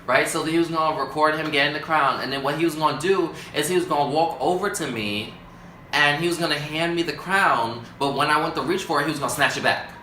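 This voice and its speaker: A young man telling a storytime vlog, dramatic and animated, acting out quotes with big jumps in pitch. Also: fast talker, roomy sound, slight background noise, low-quality recording. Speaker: vlogger.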